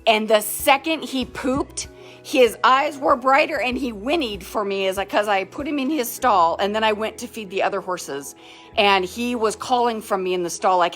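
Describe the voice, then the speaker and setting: A woman giving a casual live video update about her horse, excitable and gushing, repeating herself, talking into a phone held close outdoors. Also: on the high side, moderate pace, faint music behind. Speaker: horse owner vlogger.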